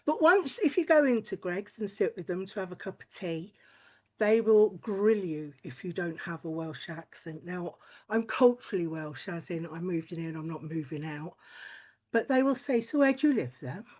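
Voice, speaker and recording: A woman's voice: on the low side, expressive, normal speed. A woman performing a stand-up comedy set, blunt and crude, with chatty tangents and frequent swearing.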